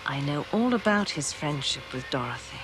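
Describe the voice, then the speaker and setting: A woman's voice: sits low, big pitch swings, moderate pace, background noise. An actress playing a refined, anxious middle-aged mother in a soap opera.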